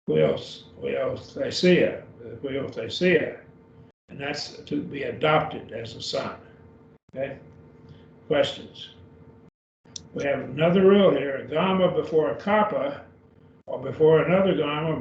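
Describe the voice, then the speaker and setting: A man teaching a beginner Greek class over a video call, speaking patiently and repeating each word. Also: on the high side. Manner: slow, patient, repeats words. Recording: dull, roomy, distant with faint hiss.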